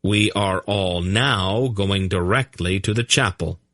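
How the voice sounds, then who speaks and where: A man voicing a brisk, impatient young king who gives orders and dry, sarcastic remarks. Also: sits low, a bit bright, no echo. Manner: brisk, dryly sarcastic, commanding.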